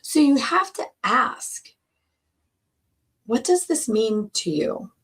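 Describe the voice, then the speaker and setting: A woman coach giving an earnest teaching talk on relationships, speaking in slow, measured phrases. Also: fairly high pitch, sing-song, slightly rough.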